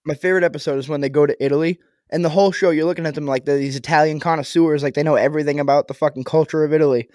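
A man with a slightly high voice co-hosts a loose, profane podcast chat, laughing a lot between his remarks. The recording is close and dry, with no room echo. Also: fairly even intonation, racing, few pauses, a little mellow. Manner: swearing, laughing often. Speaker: podcast co-host. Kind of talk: casual chat.

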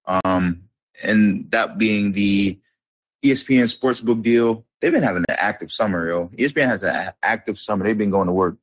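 A man's voice: fairly low pitch, moderate pace, no room sound. A young man co-hosting a podcast, chatting casually about basketball in a loose, rambling, slangy way with lots of fillers. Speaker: podcast co-host. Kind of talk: casual sports chat.

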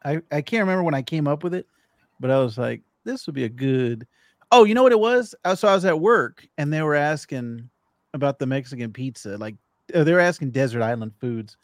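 A man co-hosting a gaming podcast, chatty and eager and quick to laugh. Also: a little high, lively intonation, no echo, clean studio sound. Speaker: podcast co-host. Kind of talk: casual podcast chat.

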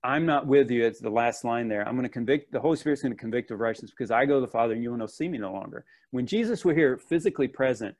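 A man's voice: medium pitch, darkish tone. Earnest conversational male preacher. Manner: earnest, conversational with fillers and restarts. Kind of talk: sermon.

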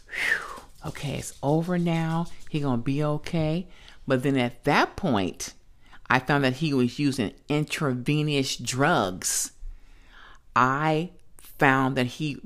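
Low-voiced grandmother telling her story. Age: older. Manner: plain-spoken, blunt, emphatic. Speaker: podcast guest. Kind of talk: personal testimony in conversation.

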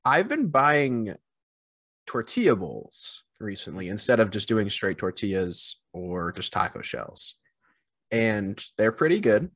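A man co-hosting a casual podcast, rambling in a self-deprecating way with animated bursts. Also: lowish voice, slow pace, dry recording. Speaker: podcast co-host.

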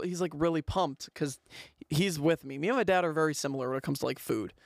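Rambling young guy, gravelly podcast voice. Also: on the high side, quick pace, no room sound, studio quality. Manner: rambling, animated, heavy on "like". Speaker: podcast host. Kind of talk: casual storytelling monologue.

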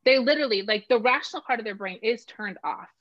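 A middle-aged woman talks animatedly in casual conversation, acting out voices whenever she quotes someone. Her voice is a little high and quick, with no echo, but the recording has a dull lo-fi sound.

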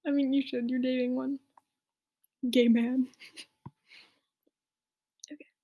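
A woman's voice: sits high, flat delivery, a little slow, mellow. A young woman reading a fan story aloud in a whispery voice, with amused asides. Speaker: reader.

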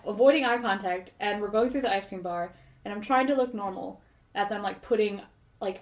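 A woman co-hosting a podcast, animatedly retelling a dream in casual chat and leaning on "like" as she goes. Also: on the high side. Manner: rambling, animated storytelling full of "like". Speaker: podcast co-host. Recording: roomy echoey recording.

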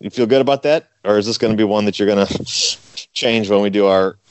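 A man's voice: fairly low pitch, fairly quick, clear, resonant tone, dry recording, rough recording. A man co-hosting a podcast, chatting casually and steering the segments. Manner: relaxed, leads the segments. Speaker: podcast co-host. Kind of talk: casual chat.

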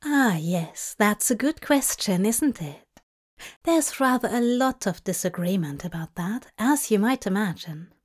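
A woman's voice: medium pitch, expressive, unhurried. A woman reading a story aloud and voicing a polite, fussy male audiobook narrator with old-fashioned phrasing. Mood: courteous.

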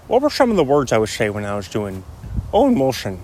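A man's voice: mid-range voice, wildly swooping pitch, fast, darkish tone, slight background noise. A man rambling casually in a solo podcast while walking outdoors, with a lot of "like"s. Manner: rambling, chatty, many "like"s. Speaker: podcast host.

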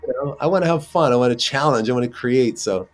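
A man, an actor, chatting as an interview guest and telling lively stories with frequent laughs. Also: medium pitch, fast talker, faint music behind. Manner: animated storyteller, laughs often. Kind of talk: casual interview chat.

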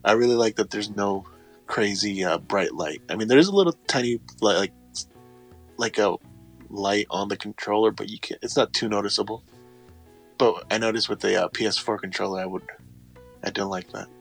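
A man with a lowish voice chats casually about gaming. He rambles, repeats himself and restarts his sentences a lot. Faint music sits under the talk. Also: normal speed, creaky. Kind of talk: casual chat.

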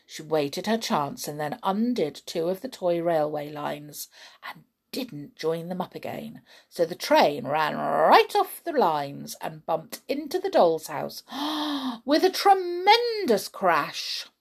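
A woman reading a children's story aloud in an expressive way, with chatty asides to her young listeners. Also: low voice, slow, gravelly, slightly rough.

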